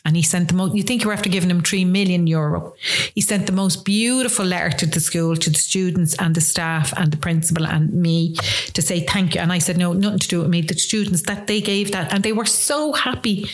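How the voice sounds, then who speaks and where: A woman's voice: fairly low pitch, a little fast. Chatty Irish woman around sixty. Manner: chatty, warm anecdotal storyteller with frequent restarts. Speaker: guest. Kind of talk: casual conversational storytelling.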